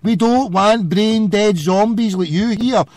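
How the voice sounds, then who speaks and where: Sitting high in pitch and slightly mellow, a Scottish man's unhurried voice rants at a caller on his call-in show, abusive and hurling insults. There's no echo on the recording.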